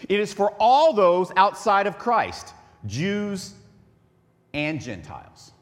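A man's voice: high voice, wildly swooping pitch, takes it slowly, big-room sound. A man preaching a sermon as pastor, joking and conversational with his congregation.

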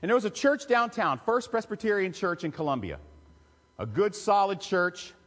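A man, a pastor telling a personal story in a sermon with emotional, confessional warmth. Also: high voice, animated, normal speed. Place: church sanctuary. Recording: long reverb of a church hall.

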